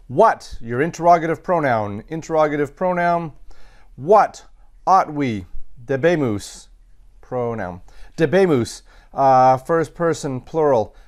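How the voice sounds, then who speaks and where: A man teaching Latin, working slowly through sentences and parsing each word aloud, with frequent pauses and fillers. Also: on the high side. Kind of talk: recorded grammar lesson.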